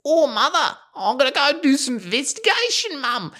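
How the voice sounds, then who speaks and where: A man voicing a young, eager British lad who excitedly reports his investigation. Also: very high voice, moderate pace, voice pushed up, full character voice. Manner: chirpy, excitable, says bloody a lot.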